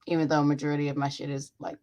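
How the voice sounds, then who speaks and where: Woman, young adult, podcast host, casual chat, animated, swears a lot, video call. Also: low-pitched, rapid-fire. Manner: animated, profane storytelling.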